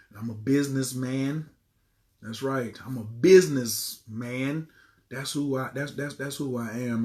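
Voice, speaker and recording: A man, a life coach and healer, talking casually to viewers in a livestream monologue, animated and slangy and often repeating himself. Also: mid-range voice.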